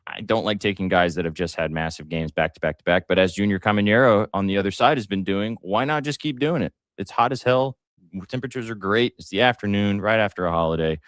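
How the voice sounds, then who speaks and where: A deep-voiced man hosting a live betting stream, chatty and excitable, throwing in jokes and ums. The sound is close and dry, with no room around it. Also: fast, no room sound. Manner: excitable, joking, lots of fillers. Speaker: sports betting show host.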